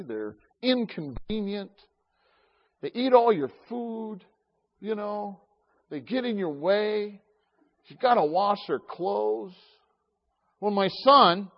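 A man preaching a sermon, telling folksy stories with asides to his congregation. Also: sits high. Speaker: pastor. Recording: slightly dull lo-fi sound.

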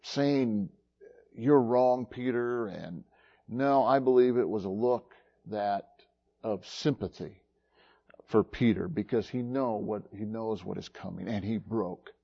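A man preaching a sermon, retelling a story slowly and haltingly with many pauses and fillers. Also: fairly low pitch, creaky, slightly rough, lo-fi sound.

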